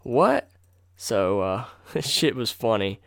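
A man's voice: medium pitch, normal speed, clean tone, no echo. Rambling young man, dry close mic. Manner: rambling, excitable, swears freely. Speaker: podcast host. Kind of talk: casual storytelling podcast. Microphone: desk microphone on a box.

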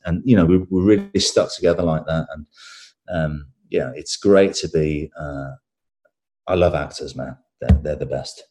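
A man with an English accent, an actor being interviewed, talking in a relaxed way with fillers and repeated words. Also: extremely low pitch, moderate pace. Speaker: actor guest. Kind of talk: casual interview chat.

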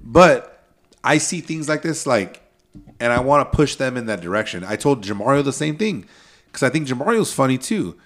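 A man co-hosting a casual podcast, blunt and profane, cutting in with quick wisecracks. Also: medium pitch, very animated, fairly bright tone. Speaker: podcast co-host. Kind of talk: casual chat.

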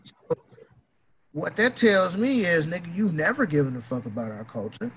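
A man delivers a fired-up, profane opinion rant and hammers home his points. His voice is high and bright. A faint hiss sits behind it. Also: sing-song, moderate pace, poor audio. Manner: emphatic, profane and heated.

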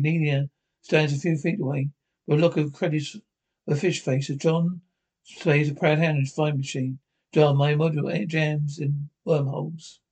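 A man with a somewhat high voice reads out a fan-made scene description of a TV episode. His delivery is halting, full of restarts and repeated words as he works through the text. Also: a little mellow. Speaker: narrator.

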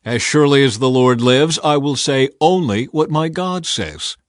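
A man's voice: medium pitch, moderate pace, no room sound, clean studio sound, pitched above the performer's own voice, natural voice. A man voicing a stern, defiant prophet. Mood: solemn. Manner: solemn and declaiming, sometimes sarcastic. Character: stern older male prophet who defies the king.

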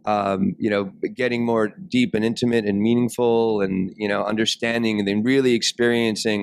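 A man's voice: on the low side, steady tone, normal speed, clear, resonant tone, no room sound. A man co-hosting a podcast interview, speaking in a casual, enthusiastic and rambling way. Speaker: podcast co-host.

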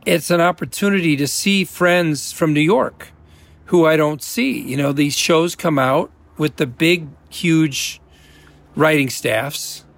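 A Midwestern-accented man with a gravelly, fry-tinged voice, sitting pitched a little high for a man. He chats casually as an interview guest, rambling, restarting, laughing easily. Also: slow. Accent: American Midwestern. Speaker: actor guest.

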